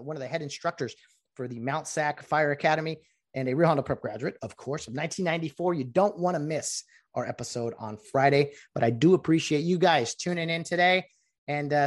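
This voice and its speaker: A middle-aged man hosting a solo podcast, explaining rules in a chatty, rambling way with many fillers. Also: on the high side. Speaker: podcast host. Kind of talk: casual solo podcast talk.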